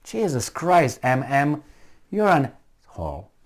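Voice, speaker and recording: A man's voice: fairly high pitch, huge pitch swings, unhurried. A man giving a heated, sarcastic running commentary, mocking and arguing with the people he talks about. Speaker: political commentator. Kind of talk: ranting video commentary.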